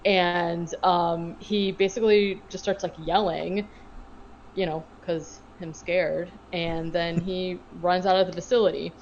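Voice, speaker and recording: A woman's voice: on the low side, flat delivery, unhurried, darkish tone, lo-fi sound, slight background noise. A woman co-hosting a podcast, rambling through a casual movie recap full of fillers. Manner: rambling, filler-heavy storytelling. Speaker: podcast co-host.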